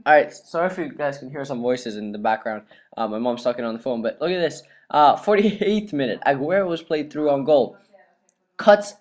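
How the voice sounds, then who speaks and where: A young man narrates his football video game match in a recorded voice-over, laughing and swearing as he gets excited. His voice is dry and cracking, sounding a little strained throughout. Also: mid-range voice, moderate pace. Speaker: gaming YouTuber. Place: cold room at home.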